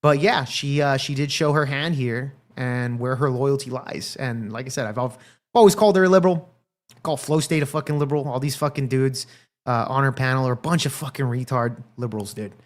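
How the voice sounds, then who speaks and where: A man's voice: medium pitch, a little fast. A man hosting a livestream, chatting casually in a crude, profane, rambling way and talking straight to his live chat. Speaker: livestream commentary host.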